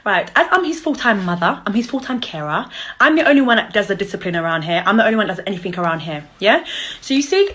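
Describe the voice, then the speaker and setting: Young woman, angry mocking rant, slightly high voice. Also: fairly bright tone. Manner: confrontational, heated and mocking, repeats herself. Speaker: mother calling out her child's father. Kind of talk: angry live-stream rant.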